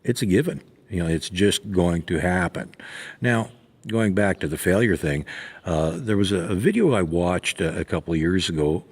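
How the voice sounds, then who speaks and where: A man's voice: low voice, animated, moderate pace, breathy edge. A man giving a casual spoken lesson on horse training, talking in a rambling, folksy way with plenty of fillers and restarts. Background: horses nearby.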